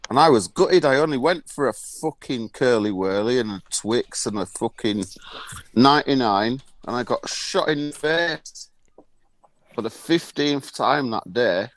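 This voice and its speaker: A man's voice: mid-range voice, dry recording. A man from Bradford, telling profane, surreal comic stories as a guest on a video call. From Bradford, England. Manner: crude, rambling, surreal anecdotes. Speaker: guest performer.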